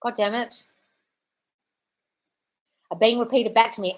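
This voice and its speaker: A woman's voice: a little high, fairly even intonation, unhurried, long pauses. Blunt woman on a live q&a, swearing, answering chat, calls people darling. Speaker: manifestation coach. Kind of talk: live-stream Q&A reading chat.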